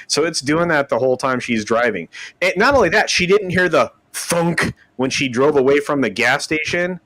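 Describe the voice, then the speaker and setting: Animated man explaining, dry sound. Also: fairly high pitch, brisk, dry recording, low-quality recording. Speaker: panel guest. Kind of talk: casual live stream chat.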